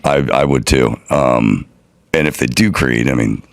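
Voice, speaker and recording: A man's voice: a bass voice, a little slow, no room sound. A middle-aged man with a dry, self-mocking manner, chatting casually as a co-host. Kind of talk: casual chat.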